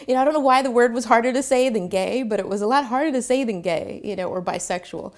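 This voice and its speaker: A woman telling a personal story to camera, reflective, pausing often on fillers. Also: medium pitch, a little mellow. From Philadelphia, Pennsylvania. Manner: reflective, with frequent filler pauses.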